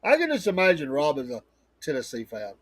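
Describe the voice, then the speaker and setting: A man's voice: fairly high pitch, wildly swooping pitch, brisk. A man co-hosting a live talk show, telling stories in a chatty way and laughing easily. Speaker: co-host. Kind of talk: casual live-show banter.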